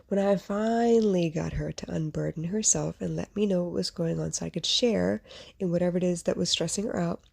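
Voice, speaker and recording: Earnest woman podcaster, low gravelly voice, mellow and a bit husky. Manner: earnest, reflective, speaks to listener directly. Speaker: podcast host; mother and small business owner. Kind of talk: personal storytelling monologue.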